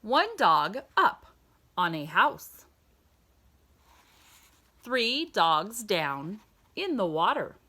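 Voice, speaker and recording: Slow, sing-song woman reading a picture book. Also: medium pitch, very animated, sharp tone. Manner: sing-song, exaggerated storytime delivery; asks the listener questions. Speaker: children's book reader.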